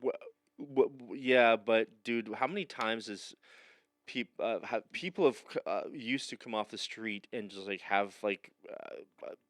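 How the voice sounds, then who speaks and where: A man's voice: lowish voice, measured pace, a bit bright, no echo. A man co-hosting a casual podcast, rambling and joking, often stopping mid-sentence and trailing off. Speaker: podcast co-host. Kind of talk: casual chat.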